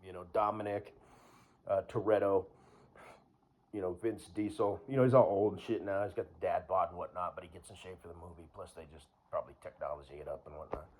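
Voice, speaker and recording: Low-voiced man rambling casually. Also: fairly even intonation, fairly quick, darkish tone, slight background noise. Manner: meandering, full of fillers and throat clearing. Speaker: vlogger.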